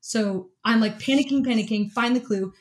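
A woman guest in an interview, telling a lively story in a casual way, with lots of "like" and frequent laughter. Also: fairly high pitch, moderate pace. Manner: animated, fills speech with "like", laughs often. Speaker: interview guest, athlete and keynote speaker.

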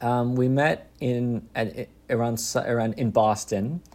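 A young man chatting casually in an interview, rambling and restarting with quick laughs. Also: medium pitch, a little mellow. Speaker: content creator making comedy skits.

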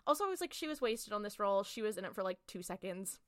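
A woman's voice: medium pitch, fast, dry recording, clean studio sound. A woman co-hosting a podcast, recapping a TV episode in casual chat, acting out the characters' lines with lots of fillers. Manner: chatty, animated storytelling with lots of "like" and acted-out quotes. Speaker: podcast co-host.

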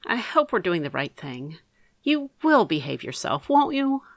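A woman's voice: on the low side, sing-song, a little slow, no room sound. A woman voicing an anxious, fussy mother.

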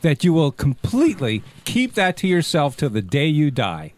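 A man's voice: fairly high pitch, wildly swooping pitch, moderate pace, darkish tone. A male guest on a talk show, making his points through hypotheticals and mimicked voices. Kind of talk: casual talk-show chat.

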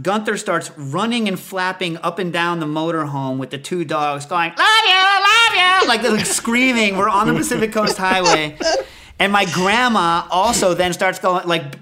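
A man's voice: a little high, bright, forceful tone. A man hosting a podcast, telling a rambling comic story full of asides. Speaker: podcast host.

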